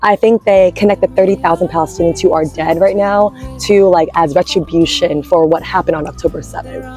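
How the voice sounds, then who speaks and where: A woman's voice: lowish voice, steady tone, brisk, darkish tone, faint music behind. A young woman, a university student, telling her story in an interview with many fillers and restarts. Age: young adult. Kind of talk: casual interview talk.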